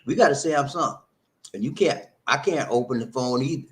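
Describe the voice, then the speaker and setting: A man with chats casually on a livestream. His voice swings widely in pitch as he jokes, laughs and reacts to comments. His everyday pitch sits in the middle. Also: normal speed. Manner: animated, laughs often, reads comments aloud and replies. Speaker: livestream host reading viewer comments.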